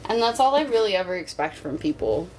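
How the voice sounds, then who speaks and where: A woman's voice: on the low side, very animated, quick pace, background noise. A woman streaming live, a mother chatting candidly with her viewers in a jokey, casual way and swearing now and then. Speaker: livestreamer.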